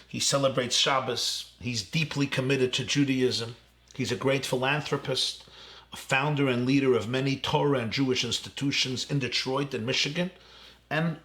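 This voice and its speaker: Bright-voiced rabbi telling a story. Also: male voice, medium pitch. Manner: vivid storyteller, quoting people in his tale. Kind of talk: storytelling speech to students.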